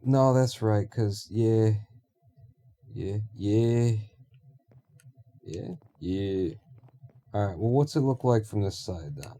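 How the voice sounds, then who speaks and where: A man's voice: lowish voice, animated, normal speed, few pauses, dark tone. A man streaming a building game, rambling and thinking aloud in casual talk with offhand swearing.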